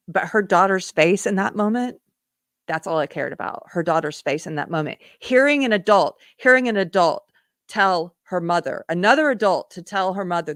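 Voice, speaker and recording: A woman's voice: on the low side, no room sound, clean studio sound. A woman hosting a live show, telling a personal story in an earnest, conversational way with frequent restarts. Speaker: podcast host. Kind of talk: casual live-stream monologue.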